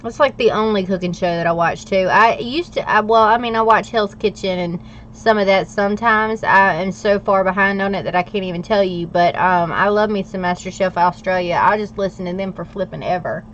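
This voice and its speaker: A woman's voice: medium pitch, steady tone, brisk, fairly bright tone, highs cut off, slight background noise. Chatty American woman, laughing often. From United States. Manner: chatty, laughs often, talks while working. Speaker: planner livestream host. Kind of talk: casual chat with live viewers.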